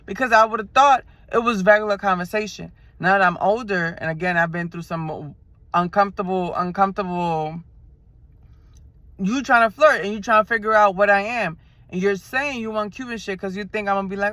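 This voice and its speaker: A bright, crisp voice belongs to a woman in her twenties with a New York accent. She tells stories from the seat of her car in casual, slangy talk and slips into the voices of the people she quotes. The sound is close and dry, with no room echo. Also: medium pitch, normal speed. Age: 20s. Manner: animated, slangy, acts out quotes. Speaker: vlogger. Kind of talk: casual storytelling chat. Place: inside a car.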